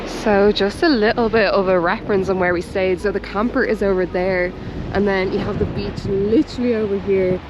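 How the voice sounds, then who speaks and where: A woman's voice: mid-range voice, fairly even intonation, normal speed, lo-fi sound. Chatty Irish woman vlogging on a windy coast. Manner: bubbly, chatty, laughs often. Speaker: travel vlogger. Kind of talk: casual travel vlog narration. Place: outdoors on a windy coast and in a camper van. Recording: outdoor recording with clear wind noise.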